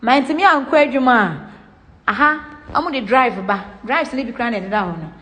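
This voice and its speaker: Here a young woman with a Ghanaian accent talks at normal speed in a fairly high, sharp-toned voice. A celebrity giving a home tour, she addresses the camera casually and with energy, cursing bluntly and mixing Twi and Pidgin.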